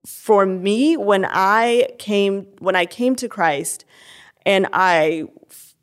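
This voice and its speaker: A woman's voice: mid-range voice, takes it slowly. Earnest young woman sharing testimony. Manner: earnest, candid, many fillers and restarts. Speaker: interview guest. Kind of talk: personal testimony in conversation.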